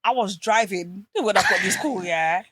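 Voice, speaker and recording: A woman, a podcast guest telling a personal story in candid casual chat, animated and swearing freely. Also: medium pitch, moderate pace, dry recording.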